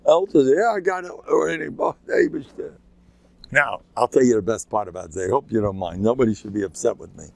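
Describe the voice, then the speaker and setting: Gravelly older rabbi, joking and chatty. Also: male voice, on the low side, fairly quick, darkish tone. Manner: chatty, joking, chuckles between stories. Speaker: rabbi giving a class. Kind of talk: informal humorous talk.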